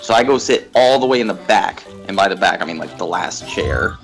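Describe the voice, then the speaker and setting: A young man on a gaming livestream, telling a rambling, animated story and laughing at it. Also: low-pitched, fairly quick, vocal fry, faint music behind, rough recording. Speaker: gaming streamer. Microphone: desk mic at a facecam setup.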